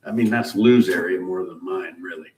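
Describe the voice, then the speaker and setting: A low-pitched middle-aged man, speaking at a normal speed, hosts a live car-building stream and chats casually with viewers. He rambles through shop talk, chuckling occasionally, and the roomy, distant mic adds a faint hiss.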